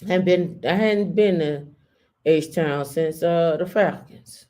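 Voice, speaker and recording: A woman's voice: lowish voice, takes it slowly, mellow. A woman hosting a live stream, chatting casually and talking straight to her viewers. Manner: chatty, addresses viewers directly.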